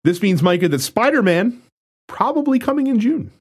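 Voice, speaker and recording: A man co-hosting a gaming podcast, with a voice that swings widely in pitch. He chats in loose, casual banter and laughs often. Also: sing-song, moderate pace, slightly rough. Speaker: podcast co-host.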